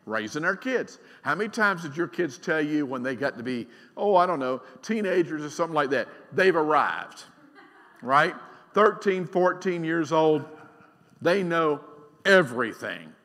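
A middle-aged man preaches from the pulpit, his voice sitting a little high. He is emphatic, moving between loud bursts and quiet asides and firing questions at the congregation. A long reverb from a big church hall trails every line. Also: expressive, measured pace. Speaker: pastor. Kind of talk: sermon.

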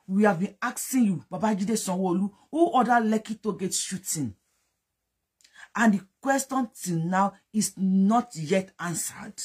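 Yoruba-accented political commentator, very husky and rough, fervent and accusatory, repeats for emphasis. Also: mid-range voice, measured pace. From Nigeria. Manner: fervent, accusing, switches between English and Yoruba.

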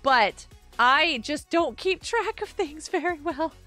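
A high, bright woman's voice that leaps all over the place as she chats through a live gaming stream. She's a bubbly mom in her thirties who giggles a lot and talks straight to her viewers. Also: expressive, takes it slowly, soft background music.

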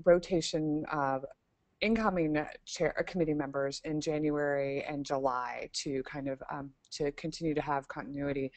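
A committee member presenting a charter proposal at a board meeting, steady and measured with frequent ums. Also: female voice, low-pitched, no echo.

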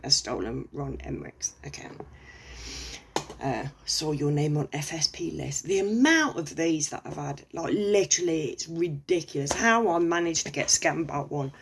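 A woman's voice: low-pitched, a little hiss or hum. A middle-aged woman with an English accent, ranting casually in a sweary, sarcastic, rambling way. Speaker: vlogger. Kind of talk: casual rant to camera.

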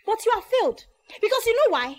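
A woman's voice: extremely high pitch, very animated, fast talker. An actress playing a furious Nigerian wife who hurls scornful threats at her brother-in-law.

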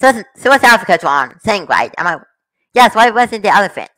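Animated rambling male reaction vlogger. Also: high voice, a little fast, poor audio. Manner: rambling, excitable, laughs often. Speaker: reaction video host. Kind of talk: casual reaction commentary.

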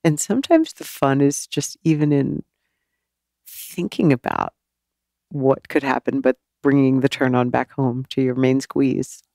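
A woman in her sixties, a teacher and author talking as a podcast guest in an animated, casual way. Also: very deep voice, measured pace, gravelly, dry recording, studio quality. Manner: animated, acts out quoted voices and laughs often.

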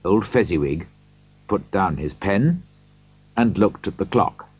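Brief: male audiobook narrator, husky, dry close sound. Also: low voice, dry recording. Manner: slow, expressive reading. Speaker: audiobook reader. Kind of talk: storybook narration. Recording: dull lo-fi recording.

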